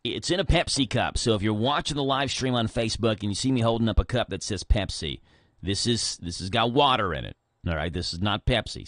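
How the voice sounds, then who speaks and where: A man's voice: lowish voice, fairly bright tone, no room sound. A man hosting a live local morning radio show, chatty and joking with listeners from the studio. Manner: chatty, jokey, talks to listeners. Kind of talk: casual radio chat. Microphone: studio microphone.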